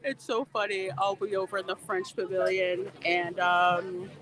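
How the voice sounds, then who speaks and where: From a theme park in Louisiana, a woman livestreams outdoors on a handheld phone, chatting casually, laughing often and reading viewer comments aloud. Her voice is medium-pitched, level, a little slow and a bit bright.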